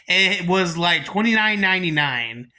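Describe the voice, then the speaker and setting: High, bright-voiced young man telling a story. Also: a little slow. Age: young adult. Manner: rambling and animated, with many restarts. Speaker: storytime vlogger. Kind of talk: casual storytelling to camera.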